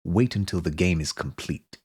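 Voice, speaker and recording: A man putting on a stern, deadpan male game narrator, speaking in a low, hushed, solemn tone. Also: moderate pace, slightly rough.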